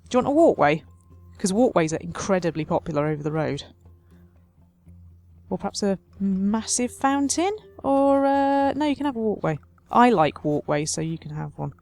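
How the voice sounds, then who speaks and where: A woman hosts a city-building let's play, offering casual, wry commentary and talking to her simulated residents as she builds. Her voice is on the high side and darkish in tone, with lively intonation at a normal speed over soft background music.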